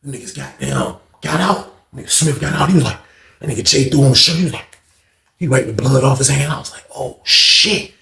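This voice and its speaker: A man's voice: mid-range voice, fast, gravelly, a bit bright. Slangy storytelling man, echoey room. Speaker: storyteller host. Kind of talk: casual storytime vlog.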